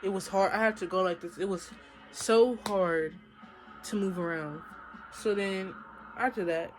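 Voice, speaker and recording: A woman's voice: mid-range voice, unhurried. Young woman, casual storytime vlog, chatty, talks straight to viewers, faint music underneath. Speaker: vlogger.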